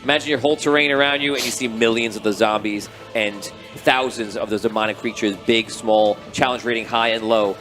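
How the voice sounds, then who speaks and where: A man running a tabletop game, describing the scene in a rambling, excited way with many restarts. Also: lowish voice, a little fast, hardly any pauses, soft background music. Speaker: game master.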